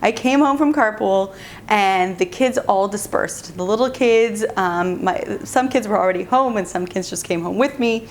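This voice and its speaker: A woman's voice: medium pitch, moderate pace, slight background noise. A middle-aged mother telling a family story casually and animatedly, laughing often. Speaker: parenting vlogger, mother.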